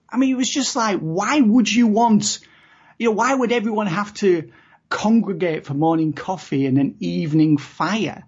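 A woman talks in a husky, slightly breathy voice, chatting loosely and rambling with lots of "you know"s. Her recording is dull and lo-fi. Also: medium pitch, darkish tone. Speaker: podcast co-host. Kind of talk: casual chat about reality TV. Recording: dull lo-fi podcast audio.

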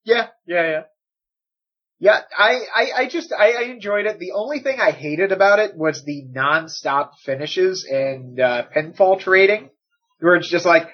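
Husky man, stammering and sarcastic. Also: high-pitched, a little slow. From United States. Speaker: podcast co-host. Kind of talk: casual wrestling chat. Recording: slightly muffled audio.

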